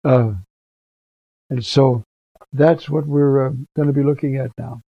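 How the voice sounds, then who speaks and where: A man's voice: mid-range voice, fairly even intonation, unhurried, vocal fry, dry recording. An older man, a priest, giving a conversational, earnest commentary on scripture readings for preachers. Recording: dull, dry recording.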